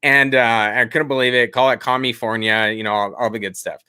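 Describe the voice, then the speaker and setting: Bright-voiced man telling a story. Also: medium pitch, steady tone, brisk, clear, resonant tone, no room sound. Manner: laughs often, self-deprecating storyteller. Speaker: podcast co-host. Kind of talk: casual chat, storytelling.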